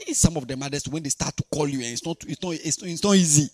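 A man preaching a sermon to young people, animated and repetitive, swinging between quiet talk and shouting. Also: fairly high pitch, rapid-fire, no room sound. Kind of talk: sermon to a youth congregation.

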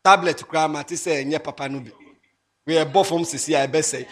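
A man giving a moral talk to students, animated and mixing English with local phrases, rising to emphatic shouts. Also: on the high side, fairly quick. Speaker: speaker addressing students. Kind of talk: moral talk to young people.

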